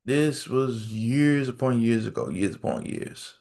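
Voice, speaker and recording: A male podcast host telling a story in a casual, animated rant, repeating phrases and acting out quotes. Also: medium pitch, a little slow. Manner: animated storytelling with lots of repetition and acted-out quotes.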